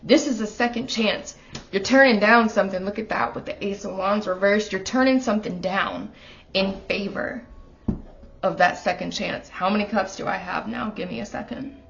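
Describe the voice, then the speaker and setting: A woman's voice: mid-range voice, moderate pace, vocal fry, fairly bright tone, a little hiss or hum. Woman, tarot reader, casual home reading, earnest, emotional, slightly muffled lo-fi sound. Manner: earnest, emotional, talking straight to the viewer. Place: her apartment.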